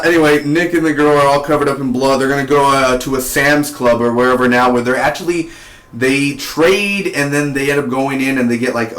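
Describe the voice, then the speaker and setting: Young male reviewer, casual rambling delivery, mid-pitch voice, echoey room. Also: fairly bright tone. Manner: chatty and rambling, with asides. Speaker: TV show reviewer.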